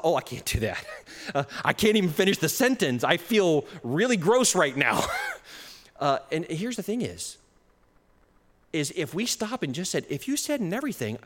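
A pastor delivers a sermon in a slightly high, very lively voice, his pitch swinging widely as he speeds up and slows down. Chuckles break in now and then. His voice rings out with the long reverb of a large hall. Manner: animated preaching with chuckles and shifts in pace.

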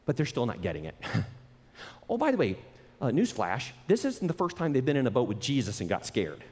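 A man preaching a sermon as pastor, animated and conversational, acting out quoted voices and laughing often. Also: mid-range voice, fairly quick. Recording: long reverb of a hall.

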